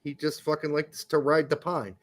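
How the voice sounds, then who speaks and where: Over a noisy crowd, a man with a voice on the high side co-hosts a relaxed soccer podcast at a moderate pace. He's lively, joking around and cursing freely.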